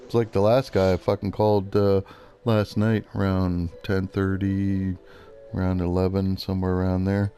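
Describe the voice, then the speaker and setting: A man's voice: low-pitched, little pitch movement, normal speed, warm tone, faint music behind. A man ranting in a casual chat while gaming, swearing constantly and retelling an argument line by line.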